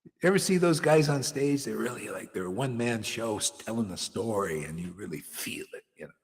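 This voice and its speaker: A man's voice: lowish voice, lively intonation, fairly quick, in a large hall. A man, a spiritual teacher, telling stories in a dramatic, scolding and mocking way. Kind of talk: animated storytelling talk.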